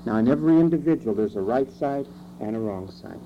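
A man's voice: mid-range voice, expressive, brisk. A man preaching a sermon, emphatic, asking rhetorical questions and shifting his pace. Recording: dull lo-fi recording with faint hum.

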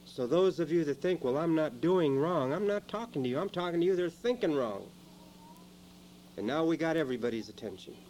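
A man preaching a sermon in a church, dramatic, moving between quiet asides and loud emphatic lines. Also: on the high side, animated, brisk, a little hiss or hum, low-quality recording.

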